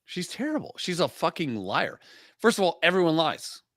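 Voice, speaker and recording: A man's voice: on the high side, sing-song, fairly bright tone, no room sound, studio quality. A man co-hosting a podcast, cracking provocative, profane jokes in casual banter. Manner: provocative, profane, joking, fast-shifting emphasis. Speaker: podcast co-host. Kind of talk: crude joking podcast banter.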